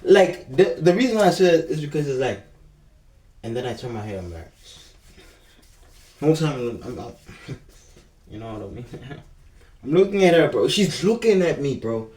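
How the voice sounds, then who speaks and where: Sing-song and a little mellow, a young man with a South African accent meanders through a slangy storytime at a moderate pace with long pauses, his pitch medium. He keeps addressing the viewer as "bro," heard through a distant mic in an echoey room.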